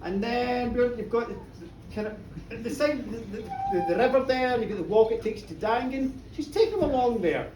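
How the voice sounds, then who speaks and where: A woman storyteller at a live pub show, chatty and lively, often checking in with her listeners. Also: a little high, normal speed, a little hiss or hum. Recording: roomy pub from far off.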